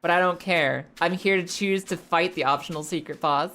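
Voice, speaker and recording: A young woman streaming a game, chatting in a rambling, animated and profane way. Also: lowish voice, normal speed. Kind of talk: casual live game stream chat.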